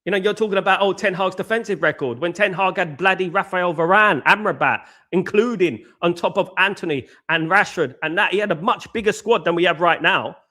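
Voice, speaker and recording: A man's voice: sits high, brisk, few pauses, bright, forceful tone. A man hosting a live fan show, answering chat in casual slangy banter and firing off combative rhetorical questions. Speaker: host.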